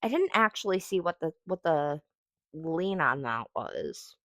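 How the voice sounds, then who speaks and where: A woman's voice: low voice, big pitch swings, a little slow, fairly bright tone, no echo, studio quality. A woman hosting a casual solo podcast, rambling and thinking aloud with lots of fillers, swearing and sing-song noises as she reviews a product. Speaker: podcast host reviewing cannabis.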